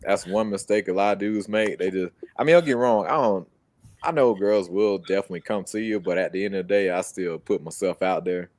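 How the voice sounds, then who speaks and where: Laid-back low-voiced young man. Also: a little fast, a little mellow, no room sound. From United States. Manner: laid-back, slangy, laughs often. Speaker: co-host. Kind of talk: casual streamed chat.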